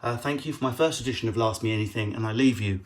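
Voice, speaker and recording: Profane, riffing male comedian. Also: medium pitch. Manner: quick, profane, jokey riffing. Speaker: stand-up comedian hosting a live Q&A stream. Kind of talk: casual live-stream Q&A.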